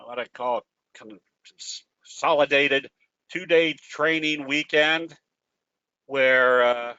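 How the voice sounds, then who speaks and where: A man's voice: mid-range voice, takes it slowly, bright, forceful tone, smooth, dry recording. A man presenting a trading webinar in a casual, folksy way, telling jokes and restarting his sentences. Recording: dull lo-fi dry audio.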